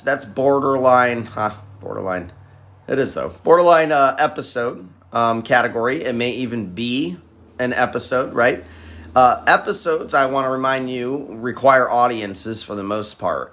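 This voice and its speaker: A man's voice: mid-range voice, pushed and bright. A man hosting a live stream, answering viewer questions in a candid, conversational way and telling personal stories. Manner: candid and conversational, swears casually. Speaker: host. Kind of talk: live-stream advice talk.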